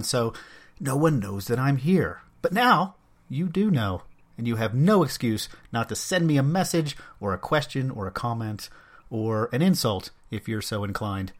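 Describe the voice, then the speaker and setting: A man hosting a solo comics podcast, talking with a wry, self-mocking humor. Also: medium pitch. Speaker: podcast host.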